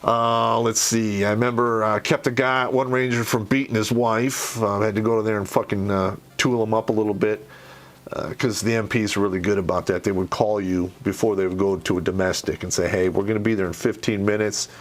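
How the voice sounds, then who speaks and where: A man's voice: on the low side, steady tone, brisk. A middle-aged American man telling old army stories in a casual monologue, blunt and profane, rambling with frequent restarts.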